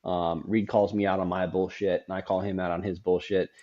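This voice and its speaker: A man's voice: sits low, little pitch movement, brisk, warm tone. A middle-aged man hosting a casual conversation, frank and rambling, often repeating words as he goes. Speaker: podcast host. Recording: dull lo-fi sound.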